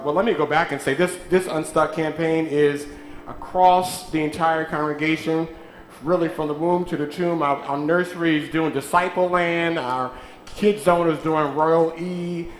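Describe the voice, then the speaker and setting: A man's voice: a little high, a bit bright. A man preaching a sermon in a church, calling out to the congregation and teasing them. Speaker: pastor. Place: church sanctuary. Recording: echoey church sanctuary.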